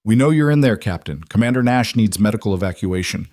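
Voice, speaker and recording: A man's voice: fairly low pitch, animated, fast talker, darkish tone, dry recording, studio quality. A man voicing a menacing male armed raider giving cold, threatening commands.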